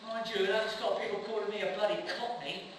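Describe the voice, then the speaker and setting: An actor with a South London accent playing a joking, teasing army private on stage. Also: male voice, sits high, steady tone, a little fast, lightly acted. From Bromley, London. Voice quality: cheeky, teasing. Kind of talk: amateur stage play. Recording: echoey hall, from far off, audience room noise.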